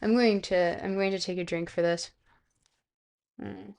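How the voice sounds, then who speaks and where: Young woman with vocal fry, sick. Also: mid-range voice, fairly even intonation, a little slow, darkish tone. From South Florida. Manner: rambling, hesitant, lots of fillers. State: sick, slightly hoarse. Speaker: streamer. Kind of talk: casual live-stream chat. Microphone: close streaming microphone.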